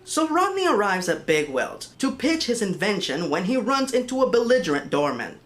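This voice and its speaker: Female film reviewer, dry sarcasm, animated pitch, light music bed. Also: moderate pace. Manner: sarcastic, exasperated. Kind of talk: comedic review narration.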